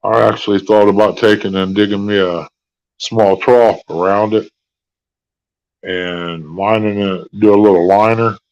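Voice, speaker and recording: A man's voice: lowish voice, steady tone, darkish tone. Drawling man on lo-fi audio. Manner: drawling, folksy and unhurried. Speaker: live stream host. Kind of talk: casual chat. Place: hospital room.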